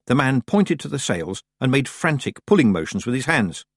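Expressive and measured, this male audiobook narrator reads from a script in a mid-range voice. The recording has clean studio sound and no audible room.

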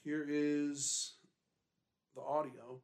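A man's voice: a little high, flat delivery, extremely slow, a little mellow. A young man co-hosting a podcast in casual chat, rambling along with lots of ums and uhs in a laid-back way. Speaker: podcast co-host. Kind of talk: casual chat about ghost recordings.

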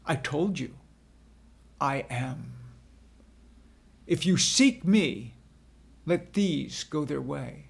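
Man doing Jesus, solemn calm teacher, gravelly, slow and grave. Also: fairly high pitch, exaggerated voice. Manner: measured, grave, slow delivery.

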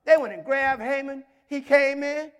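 High-voiced minister preaching emphatically. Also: male voice, moderate pace, big-room sound. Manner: emphatic, storytelling, rising to shouted exhortation. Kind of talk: sermon.

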